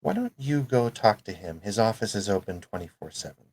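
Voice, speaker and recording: A man voicing a calm, kindly woman who offers help, speaking gently and a bit hesitantly. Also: fairly low pitch, a little fast, husky. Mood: reassuring.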